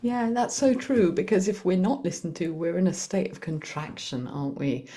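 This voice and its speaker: A woman, a podcast guest speaking in a lively, conversational way, in quick bursts while she tells a story. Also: on the low side, a little hiss or hum. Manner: animated, acts out quoted voices, quick bursts. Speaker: guest, author and executive coach.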